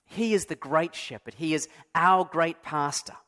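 Pastor guy giving a sermon, chatty, kinda self-deprecating, bit higher voice. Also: measured pace, pushed and bright. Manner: conversational, self-deprecating, emphatic on key words. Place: church.

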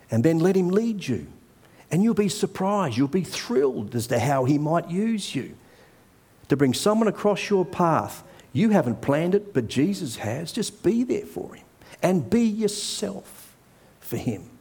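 A man's voice: a little high, big pitch swings, unhurried, a little mellow, slightly rough. A middle-aged man, preaching a sermon in a conversational, earnest way and telling a personal story.

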